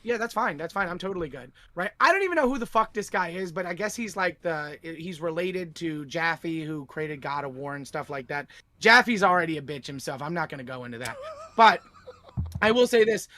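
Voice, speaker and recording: A man's voice: a little high, lively intonation, a little fast, sharp tone, dry recording. A man ranting profanely on a livestream panel, sneering and mocking the person he is angry at. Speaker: tech streamer on a panel. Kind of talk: livestream rant.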